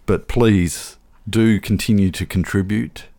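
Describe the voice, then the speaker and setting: Very deep-voiced man hosting a film podcast. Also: steady tone, a little slow, warm tone. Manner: chatty, self-deprecating, repeats words. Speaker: podcast co-host. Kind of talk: casual film chat.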